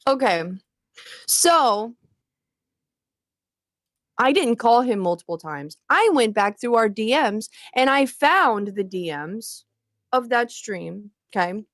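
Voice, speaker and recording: A woman's voice: fairly high pitch, lively intonation, slow pace, long pauses, fairly bright tone, no echo. A woman on a livestream, exasperated, swearing often and restarting her sentences as she answers accusations. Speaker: streamer responding to accusations. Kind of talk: livestream chat. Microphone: cheap microphone. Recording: dull lo-fi mic.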